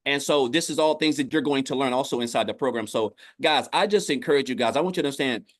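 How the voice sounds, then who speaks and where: A man's voice: medium pitch, fast talker, no echo, studio quality. Upbeat man on a livestream. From Tennessee, US. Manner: upbeat, keeps saying "guys", restarts phrases. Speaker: guest on an online business livestream. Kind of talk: casual testimonial chat.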